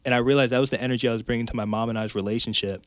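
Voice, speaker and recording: Man, mid-pitched, candid emotional storytelling, dry voice. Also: steady tone, very fast, no room sound. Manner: candid and emotional, tumbling phrases with restarts. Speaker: podcast guest, life coach. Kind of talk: personal storytelling in conversation.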